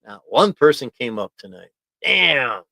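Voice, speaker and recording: Speaking at a slightly slow pace, this livestream host has a mid-range voice with big pitch swings and a creaky, pushed, bright quality. He chats casually from his small home office studio, chuckling and rambling through viewer comments. His desk mic captures him with no echo.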